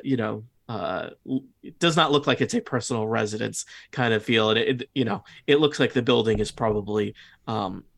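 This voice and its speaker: A man with a gravelly, creaky voice runs a tabletop game and describes the scene at an easy pace, searching for words as he goes. The sound is close and dry, with no room around it. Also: mid-range voice, dry recording.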